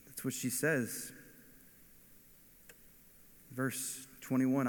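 A pastor giving an earnest, storytelling sermon that rises to emphatic points. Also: male voice, a little high, measured pace, long pauses. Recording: long hall reverb.

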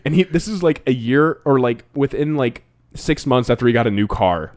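A young man from Illinois co-hosting a podcast, telling a story in a loose, animated way and getting loud at the funny parts. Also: mid-range voice, moderate pace, dry recording, clean studio sound. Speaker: podcast co-host. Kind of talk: casual storytelling.

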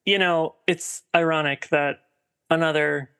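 Male podcast co-host, higher register, chatty and rambling, lots of "like" and restarts. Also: fairly even intonation, a little slow, bright, forceful tone, clear, resonant tone. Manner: rambling, heavy on filler "like" and restarts. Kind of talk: casual film discussion.

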